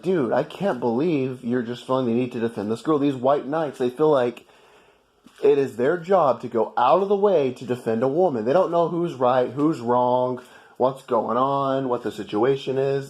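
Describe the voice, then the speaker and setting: A man's voice: medium pitch, moderate pace, darkish tone. A man from the United States telling a story in a heated, profane rant to the camera. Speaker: vlogger. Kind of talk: ranting monologue.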